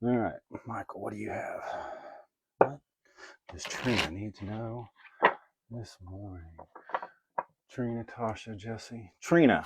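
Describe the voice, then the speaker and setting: A man livestreams oracle card readings, greeting viewers by name and speaking casually with the occasional swear word. His voice is mid-range and unhurried, and the recording is dry.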